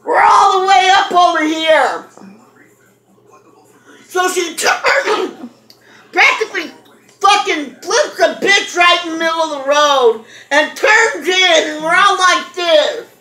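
A woman telling a story in a loud, profane rant, cursing and laughing as she yells. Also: extremely high pitch, expressive, slow. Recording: roomy echo.

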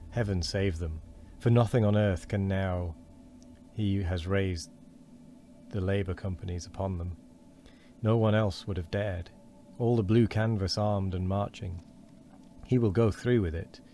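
Wheezy old man, fearful and gossipy, deep and dark, read by a man; faint hiss. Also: unhurried, pauses often. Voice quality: wheezy, quavering.

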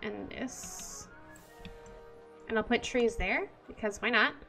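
A woman's voice: a little high, takes it slowly, vocal fry, bright, forceful tone, faint music behind. A woman giving casual let's-play commentary while building a city, chatty and exasperated, talking to herself and to the game. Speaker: gamer.

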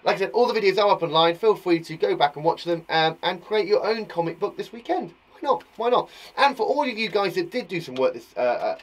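A young English man teaching young children, bubbly and animated as he reads out their work. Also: high voice, brisk, hardly any pauses. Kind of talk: lively children's lesson.

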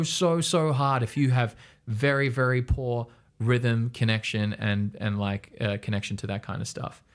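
A young man from Australia giving a casual music lesson, rambling and chatty, laughing often. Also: fairly bright tone. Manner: rambling, chatty, laughs often, mimics reactions in a high squeal. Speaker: music coach.

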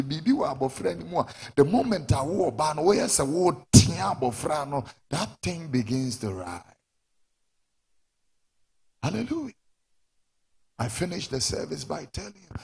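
A man with a Ghanaian accent preaching a sermon in church, now and then shouting for emphasis. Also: medium pitch, lively intonation, normal speed, gravelly, breathy edge.

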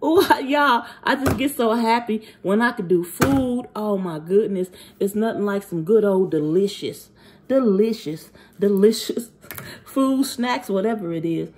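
A woman's voice: mid-range voice, unhurried, a little mellow, a little hiss or hum. A playful woman vlogger reviewing food, talking straight to her viewers and pretending to be a seven-year-old kid.

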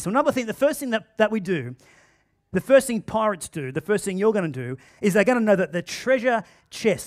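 A man with an Australian accent preaching a sermon in a church, swinging between loud emphatic bursts and quiet asides. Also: high voice. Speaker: pastor. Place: church auditorium.

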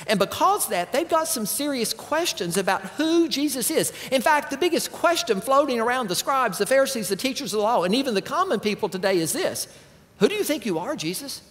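A man, a pastor, delivers a sermon in a church sanctuary with heavy reverb, his voice sitting high. He preaches in an animated, conversational way, tossing asides to the congregation.

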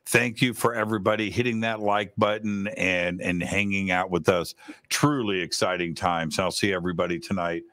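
Male co-host, very low voice, dry recording, loose and joking. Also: fairly even intonation, moderate pace, fairly bright tone, no echo. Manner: jokey, rambling. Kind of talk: casual live-stream chat.

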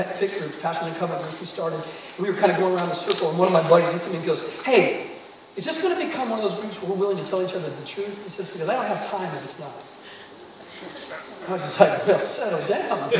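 Male pastor, sermon, lively storyteller; high voice, recorded from far off in a big echoing hall. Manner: animated storytelling with acted quotes. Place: large church hall. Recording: echoey hall, from far off, noisy.

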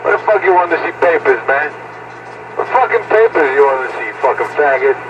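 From a truck cab, a man trash-talks over a CB radio, profanely taunting and shouting insults. His voice is a little high, expressive and brisk. The audio is dull lo-fi radio with loud static.

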